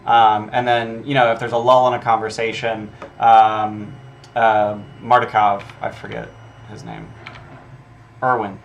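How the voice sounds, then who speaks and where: Low-voiced man thinking aloud over game notes. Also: flat delivery, unhurried, vocal fry, highs cut off, a little hiss or hum. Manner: filler-heavy, profane, thinking aloud. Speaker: game master prepping an adventure. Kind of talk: casual solo prep talk, reading notes aloud.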